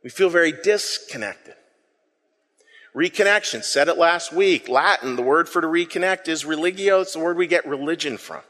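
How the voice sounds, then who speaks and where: A man's voice: a little high, normal speed, sharp tone, in a large hall. A man preaching an interactive sermon, calling the congregation to repeat words back to him in a playful, self-deprecating way. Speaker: pastor. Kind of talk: interactive sermon with audience call-and-response. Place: church sanctuary.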